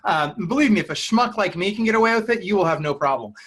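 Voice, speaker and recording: A man's voice: sits high, animated, quick pace, fairly bright tone, husky. A man coaching real estate agents in an interview, talking emphatically and acting out client dialogue.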